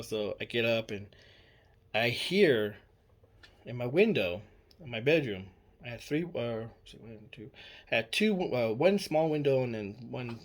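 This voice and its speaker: Young man, casual storyteller; loose, repetitive, swears a lot. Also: mid-range voice. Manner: rambling, repeats himself, many fillers and swearing. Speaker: storyteller recounting a personal experience. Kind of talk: casual spoken account.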